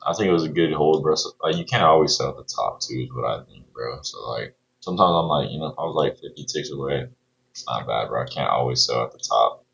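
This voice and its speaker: A very deep-voiced man with a gravelly, fry-heavy edge talks his way through his trades in a laid-back, slangy manner. The audio sounds a little dull and lo-fi. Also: fast, fairly bright tone. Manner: laid-back, slangy, says "bro" and swears a lot. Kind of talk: casual live commentary while trading.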